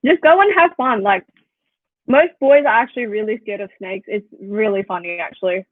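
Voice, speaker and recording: A woman's voice: mid-range voice, fairly quick. A young Australian woman in her twenties, chatting casually to viewers and telling stories, with lots of "like" fillers. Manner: chatty, fillers of "like", animated storytelling. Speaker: vlogger. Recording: tinny phone-like sound, dry.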